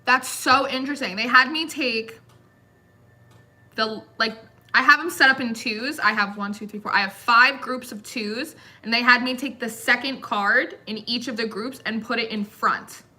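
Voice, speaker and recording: A woman's voice: a little high, normal speed, pushed and bright. A young woman reading tarot in a casual, chatty way, giggling often and filling her talk with "like". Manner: chatty, giggly, uses lots of fillers. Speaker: tarot reader.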